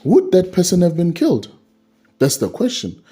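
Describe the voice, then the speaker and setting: Mellow-voiced man with faint guitar music. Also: high-pitched, huge pitch swings, moderate pace. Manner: repetitive, restates points, rhetorical questions. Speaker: commentator. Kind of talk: case commentary monologue.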